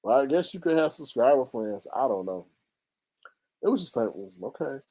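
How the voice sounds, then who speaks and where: A man hosting a live stream, gossiping about online drama in a sassy, animated way with sudden high exclamations. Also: moderate pace, husky. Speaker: live-stream commentary host.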